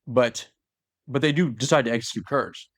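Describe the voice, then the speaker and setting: A man's voice: mid-range voice, normal speed, no room sound. A young man co-hosting a podcast, retelling a story in a loose, rambling way with asides. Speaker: podcast co-host. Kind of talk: casual chat retelling a story.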